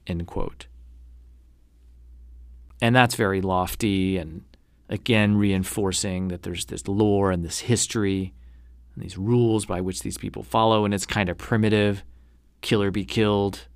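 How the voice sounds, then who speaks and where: Low-voiced man discussing a book, dry sound. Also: steady tone, measured pace, pauses often, no room sound. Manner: conversational, reads quotes aloud with asides. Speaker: podcast host. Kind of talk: casual book discussion podcast.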